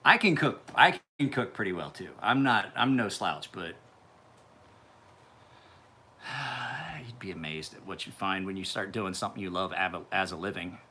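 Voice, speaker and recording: Profane man rambling on a live feed, laughs a lot, bright tone. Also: low voice, animated, moderate pace, slight background noise. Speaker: knife sharpener hosting a live stream. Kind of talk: casual live stream chat.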